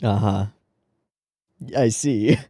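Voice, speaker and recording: A man's voice: fairly low pitch, drawn-out words, warm tone, no echo, clean studio sound. A man hosting an anime reaction channel, giving casual commentary with short murmured interjections and wry asides.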